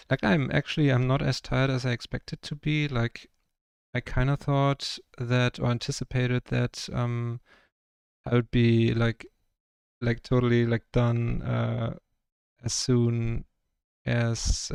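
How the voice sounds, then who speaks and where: A young German man with a German accent paints live on stream, chatting casually and rambling with plenty of fillers. He seems self-conscious about his English. His medium-pitched voice is creaky, a little mellow and smooth, and the recording is dry.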